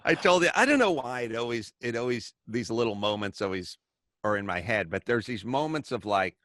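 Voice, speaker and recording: A middle-aged man hosting a talk show, telling stories in a casual, animated way, acting out the people he quotes and swearing freely. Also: mid-range voice, a little fast, dry recording, clean studio sound. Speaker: podcast host. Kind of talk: casual storytelling chat.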